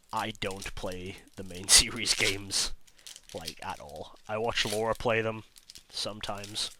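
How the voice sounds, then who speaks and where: A man with a low, hoarse voice, audibly sick, talks his way through a stack of card packs. His tone stays bright and edgy despite the illness, and he names each card in a loose, chatty commentary. He keeps joking about how rough his own voice sounds. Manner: chatty, self-mocking, listing cards as he goes. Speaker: card-opening channel host. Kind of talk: casual pack-opening commentary.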